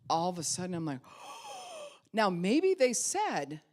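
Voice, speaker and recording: A middle-aged woman pastor preaching in a storytelling style, animated and acting out voices she remembers. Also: lowish voice, normal speed. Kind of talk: storytelling sermon.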